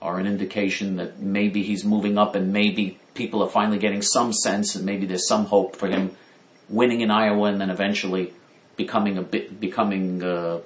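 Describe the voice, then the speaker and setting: A man's voice: on the low side, flat delivery, normal speed, reverberant. A man giving opinionated political commentary, indignant and emphatic, repeating his points.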